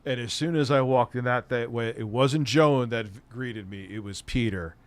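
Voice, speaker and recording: A man's voice: mid-range voice, moderate pace, no echo. A man hosting his own channel, telling a casual, profane, sardonic story about an old job. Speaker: streamer and channel host.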